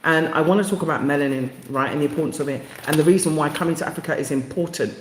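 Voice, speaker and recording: A woman's voice: low-pitched, racing, slight background noise. A middle-aged woman hosting a casual live stream, effusive and talking straight to her viewers by name. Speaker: livestream host. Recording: echoey room with long reverb.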